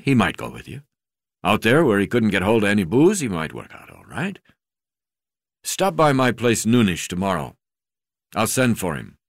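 A man reading the lines of a gruff, hard-drinking, portly old magistrate who talks coarsely and swears freely. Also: low-pitched, no room sound, studio quality, exaggerated voice. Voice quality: croaky.

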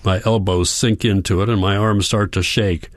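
A man narrating a novel in the first person, measured and reflective. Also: fairly low pitch, steady tone, no echo. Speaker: audiobook narrator.

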